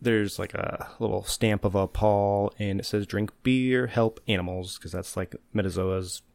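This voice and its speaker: A man co-hosting a casual podcast, relaxed and explanatory, chuckling now and then. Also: on the low side, measured pace, vocal fry, dry recording. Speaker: podcast co-host. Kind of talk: casual chat.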